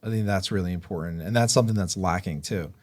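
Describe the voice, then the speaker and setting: A man hosting a casual interview, speaking in a measured, affirming, encouraging way. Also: sits low. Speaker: host.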